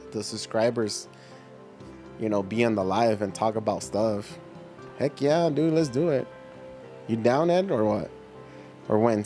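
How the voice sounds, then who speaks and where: A middle-aged man with a medium-pitched, somewhat dark voice hosts a livestream, reading viewer comments aloud. He chats casually in a relaxed, slangy way and laughs often.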